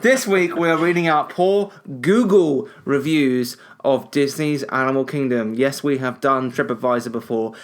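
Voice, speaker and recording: A man's voice: mid-range voice, normal speed, few pauses. A tipsy man co-hosting a casual podcast, slurring his words a little and rambling in loose, chatty talk. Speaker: podcast co-host.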